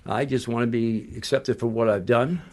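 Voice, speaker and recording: An older man talks in a blunt, rambling way, breaking off sentences and starting over. His voice sits at an ordinary middle pitch, and he drops in the odd curse word while telling stories about his life in an interview. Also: steady tone, moderate pace, a little mellow. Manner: blunt, rambling, restarts mid-sentence, salty language. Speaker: guest, retired basketball coach. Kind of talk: casual interview storytelling.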